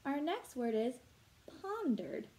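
A woman teacher explaining vocabulary words slowly and clearly, asking her listeners questions as she goes. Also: high voice, big pitch swings, mellow, low-quality recording. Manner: slow, clear teacher talk with rhetorical questions. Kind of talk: read-aloud vocabulary lesson.

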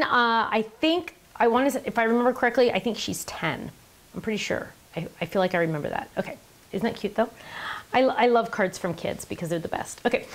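A middle-aged woman hosting a casual live stream, chatty and gushing, often laughing and talking aside to the person behind the camera. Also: a little high. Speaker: live stream host showing handmade cards.

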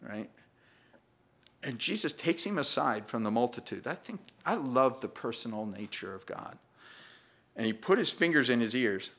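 A man's voice: mid-range voice, expressive, normal speed, fairly bright tone. A man preaching a sermon as pastor, chatty and self-deprecating, often acting out little voices and laughing at the text. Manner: conversational, self-deprecating, acts out voices with humor. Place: church.

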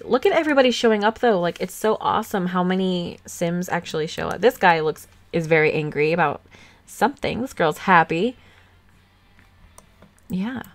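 Chatty young woman narrating gameplay. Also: mid-range voice. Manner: chatty, filler-heavy, giggly. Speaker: let's play host. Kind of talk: casual gameplay commentary. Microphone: desktop USB microphone.

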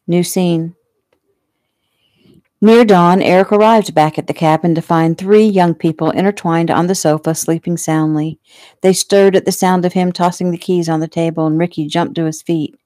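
A woman casually reading her own novel aloud at home, relaxed and unhurried. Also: on the low side, no echo. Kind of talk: casual audiobook narration.

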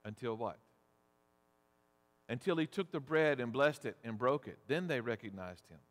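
A man preaching a sermon as pastor, deliberate and measured, asking rhetorical questions. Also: medium pitch, lively intonation, fairly bright tone. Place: church sanctuary. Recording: long church reverb.

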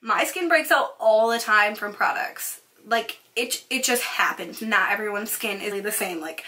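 A woman's voice: mid-range voice, bright, forceful tone. A young woman vlogger telling work stories in a casual rant while doing her makeup, full of "like" and swearing. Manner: fast, ranting, lots of "like" and swearing. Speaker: beauty vlogger.

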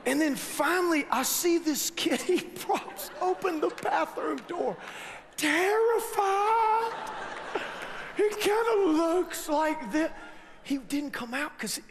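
High-pitched male preacher, storytelling sermon, long hall reverb, faint background noise. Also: slow pace. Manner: animated storytelling with frequent restarts. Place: large church hall.

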